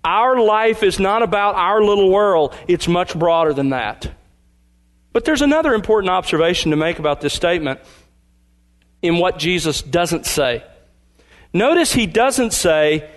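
A man preaching a sermon, slowing down and leaning hard on key words for emphasis. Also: sits high, lively intonation. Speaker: pastor.

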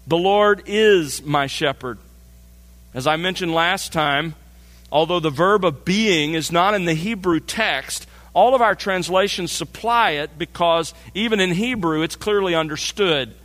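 A man preaching an expository sermon as pastor, measured, slowing down to stress key phrases. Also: high-pitched, fairly bright tone. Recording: long hall reverb.

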